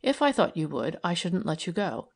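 A woman reading a brisk, kindly parole officer. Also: fairly low pitch, sing-song, exaggerated voice. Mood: firm. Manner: firm, crisp and encouraging.

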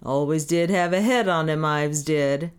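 A woman's voice: sits low, measured pace, clean tone. Woman playing a drunken jovial captain. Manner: boisterous, mocking, slurred. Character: drunken, jovial, needling ship captain, grown man.

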